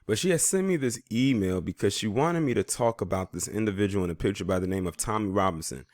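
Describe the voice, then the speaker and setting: Laid-back man, low voice, dry sound. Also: quick pace, no echo. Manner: relaxed, conversational, explaining to viewers. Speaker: vlogger commentator. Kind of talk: casual commentary.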